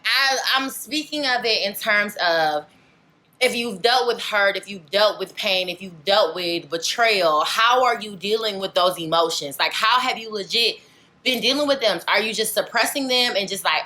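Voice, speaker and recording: A woman's voice: mid-range voice, expressive, normal speed, bright, forceful tone. A young woman vlogger chatting candidly to camera, rambling and filling with "like" and "legit". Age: young adult. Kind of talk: casual chat to camera.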